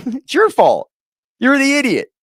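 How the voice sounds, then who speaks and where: A man ranting profanely as host of a livestream, swinging from low growls to sharp highs. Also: wildly swooping pitch, a little slow, breathy edge, no echo, studio quality. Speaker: streamer host. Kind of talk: heated livestream rant.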